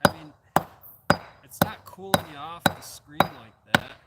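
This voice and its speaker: A man with a slightly high voice rambles easily as he hosts a casual outdoor livestream. He sounds set back from the mic, with loud noise all around him. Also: unhurried, recorded from a distance. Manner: rambling, talks to his dog. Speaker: livestream host. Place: outdoors in a yard on a hot day.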